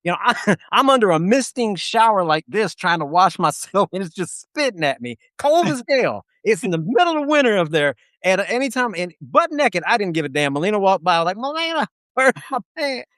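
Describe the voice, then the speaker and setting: A man's voice: sits high, sing-song, fairly quick, fairly bright tone, no echo, clean studio sound. A man telling rowdy stories in casual live-video chat, laughing often and swearing freely. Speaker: military veteran guest.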